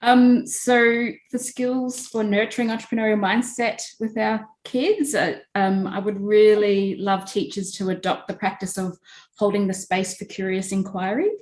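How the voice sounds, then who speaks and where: A woman from South Australia, a guest on a podcast, speaking in a measured, reflective way with hesitant fillers. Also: mid-range voice, steady tone, darkish tone. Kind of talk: conversational podcast discussion. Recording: roomy echoing audio.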